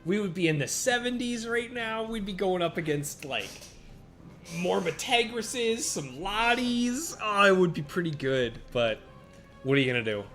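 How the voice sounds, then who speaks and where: A man giving casual live-stream commentary while playing a monster-battle game, chatting with viewers by name and reacting out loud to each turn. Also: high voice, expressive, a little slow. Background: faint game music.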